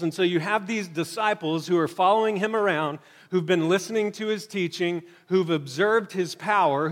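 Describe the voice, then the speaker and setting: A man with a fairly high voice preaches a sermon to his congregation. He talks conversationally and puts strong emphasis on key points, and his jokes come out wry. His voice carries through a hall with a long reverb. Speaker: pastor. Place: church hall before a congregation.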